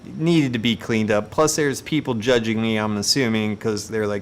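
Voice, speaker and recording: A man hosting a live stream, telling everyday stories in a casual, animated, self-mocking way and laughing between lines. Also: lowish voice, a little fast, a little hiss or hum.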